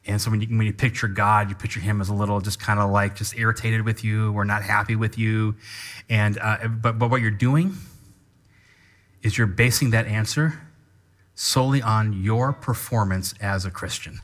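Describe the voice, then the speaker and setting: Guy preaching a sunday sermon, bright tense voice, chatty and lively. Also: fairly low pitch, normal speed. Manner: conversational, animated preaching. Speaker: pastor.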